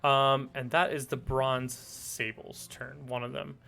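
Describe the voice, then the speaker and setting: A man running a tabletop game as game master, narrating the scene in a relaxed way with frequent fillers. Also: mid-range voice, a little slow, vocal fry, faint music behind.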